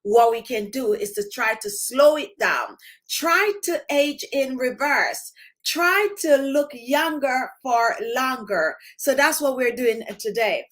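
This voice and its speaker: A woman's voice: sits high, animated, takes it slowly, fairly bright tone. A woman hosting a live skincare stream from home, chatting directly to her viewers. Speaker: skincare channel host.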